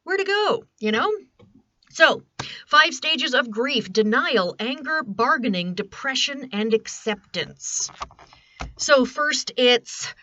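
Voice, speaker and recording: A woman's voice: high-pitched, lively intonation, takes it slowly, pushed and bright, highs cut off. A woman in her forties chatting casually to camera from her small home studio, rambling and self-deprecating. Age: 40s. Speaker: vlogger.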